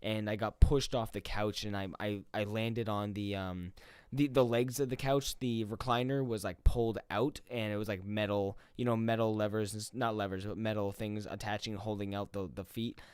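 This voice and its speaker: A man's voice: fairly low pitch, steady tone, normal speed, darkish tone, clear, resonant tone, no echo. A man in his twenties telling a story to his viewers in a casual, profane, laid-back way. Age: 20s. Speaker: gaming YouTuber.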